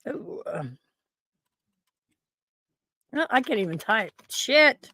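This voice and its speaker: A woman's voice: on the high side, big pitch swings, slow, bright, forceful tone, no room sound, clean studio sound. A woman hosting a casual livestream, chatting, swearing freely and greeting viewers from the chat. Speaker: livestream host.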